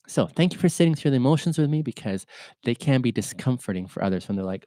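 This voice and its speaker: A man hosting a podcast livestream, talking gently and earnestly, open about his emotions, reflective and encouraging toward his viewers. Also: fairly low pitch, expressive, fast talker, no echo. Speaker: podcast host.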